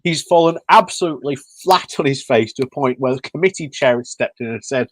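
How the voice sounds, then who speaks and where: A man giving mocking, casual commentary on a video clip, sarcastic and halting with fillers and laughs. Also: medium pitch.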